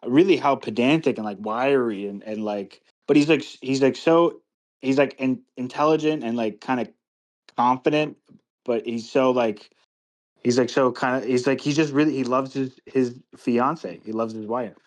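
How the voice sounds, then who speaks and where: A man's voice: medium pitch, moderate pace. A man co-hosting a movie podcast, talking casually in a rambling, hesitant way with many restarts. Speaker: podcast co-host. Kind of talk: casual movie review chat.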